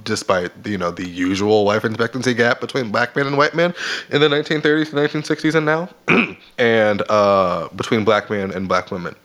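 A man co-hosting a casual podcast, reading researched notes and long quotes at a steady pace. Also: on the low side, fairly quick. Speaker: podcast co-host.

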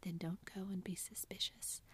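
A woman's voice: mid-range voice, little pitch movement, moderate pace, fairly bright tone, close to an everyday voice. A woman voicing a playful, teasing tall young man in a whispered role-play, with theatrical banter.

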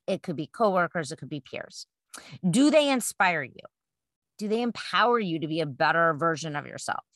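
A woman's voice: medium pitch, a bit bright, no echo, clean studio sound. Chatty upbeat woman podcast host. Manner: upbeat, chatty, swears casually. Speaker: podcast host and business coach. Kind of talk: casual solo podcast talk.

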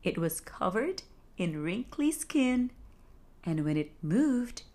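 A woman narrating a folktale as a soothing bedtime story, soft and hushed, at times slipping into a whisper. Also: medium pitch, very animated, takes it slowly.

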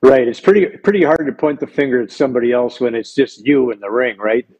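A man's voice: mid-range voice, fast, a little mellow. Male interviewer, slightly dull audio. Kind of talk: interview questions.

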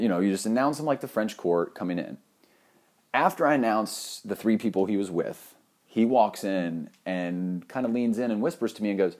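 Young adult man with a somewhat low voice, comic storyteller: animated, crude, self-deprecating. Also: normal speed. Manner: animated, profane, self-mocking, laughs often. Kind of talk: comedic personal anecdote.

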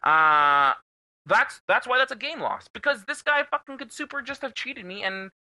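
Young man, podcast co-host, animated storyteller, swears a lot, very bright tense voice, swoops up and down. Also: extremely high pitch, moderate pace. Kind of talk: casual chat.

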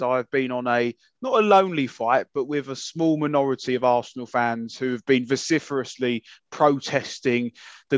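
A man's voice: mid-range voice, no echo. A man co-hosting a casual podcast, talking in an impassioned, emphatic way with many fillers and restarts. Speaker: podcast co-host. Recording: muffled lo-fi, dry sound.

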